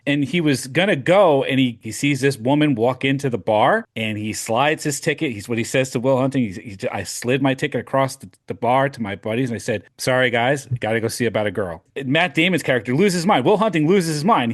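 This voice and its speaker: A man co-hosts a casual baseball podcast and retells movie scenes with real enthusiasm. His voice sits at a medium pitch, and his speech is lively and conversational. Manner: enthusiastic storyteller, animated retellings. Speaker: podcast co-host. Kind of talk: casual chat.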